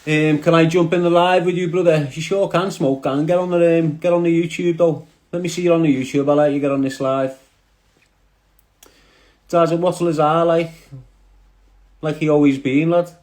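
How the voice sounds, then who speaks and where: This casual livestream host has a Liverpool accent and a fairly high, a little mellow voice with fairly even intonation at normal speed. He rambles in street slang, speaking right to viewers through his phone in an echoey room.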